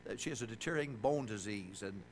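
A man's voice: fairly low pitch, fast, slight background noise. An older man preaching a sermon, joking and calling on the congregation to answer back. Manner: joking, animated, call-and-response with the congregation.

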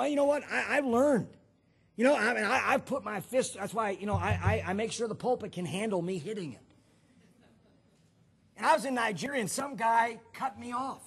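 A middle-aged male pastor preaching a sermon, telling a personal story with animated swings from shouting to hushed confession. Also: sits high, slightly rough.

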